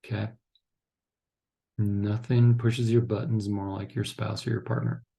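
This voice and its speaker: A man teaching counselors in a low, gravelly voice with a dark, mellow tone. He lectures in an instructive way, keeps checking in with "okay?", and sometimes acts out what couples say to each other. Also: flat delivery, a little slow. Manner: acts out couples' lines in quotes. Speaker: counseling trainer. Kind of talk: recorded training lecture.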